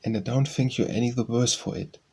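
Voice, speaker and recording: A man reading an audiobook, voicing an outspoken, eager teenage girl who talks quickly. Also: mid-range voice, steady tone, dark tone, breathy edge.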